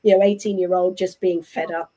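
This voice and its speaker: Chatty English woman, mellow voice. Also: lowish voice, fairly quick. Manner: animated, chatty storyteller who acts out what others said. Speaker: interview guest. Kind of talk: casual conversational storytelling.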